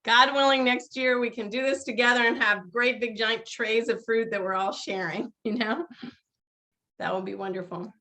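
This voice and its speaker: A woman's voice: on the high side, fairly even intonation, moderate pace, bright, forceful tone. A woman rabbi leading a seder over a video call, chatty and laughing often, chanting Hebrew blessings.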